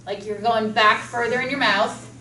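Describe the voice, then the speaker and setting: A woman teaching a speech class with a high, bright voice and eager energy. She talks through a mask, picked up from across an echoey classroom, with faint room noise behind her. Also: fairly even intonation, recorded from a distance. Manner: enthusiastic, explains with quick examples. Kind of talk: classroom lecture with drills. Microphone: masked, recorded from across a classroom.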